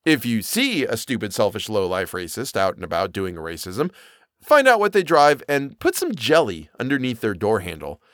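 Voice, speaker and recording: A man narrating a horror story as a podcast host, measured and expressive. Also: fairly low pitch, no echo, studio quality.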